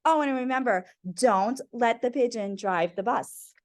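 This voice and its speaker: A woman voicing a bus driver giving quick instructions before leaving, in a storybook read-aloud. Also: on the high side, dry recording, natural voice. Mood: brisk.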